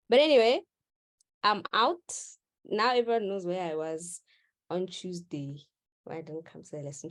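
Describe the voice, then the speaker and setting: Slow, playful woman teacher. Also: a little high. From South Africa. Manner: playful, teasing, laughs with students. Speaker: maths teacher. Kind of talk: live online class.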